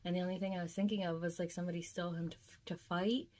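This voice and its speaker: A young woman with a slightly low voice recounts her dream in a casual vlog. She talks in a chatty, emotional way and fills her speech with filler words. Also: flat delivery, very fast, darkish tone. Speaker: vlogger.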